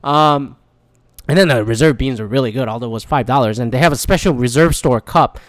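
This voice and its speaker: A man telling a rambling, profane story in a casual monologue, jumping to a higher voice to act out quotes. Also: fairly quick, dry recording. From lives in Michigan.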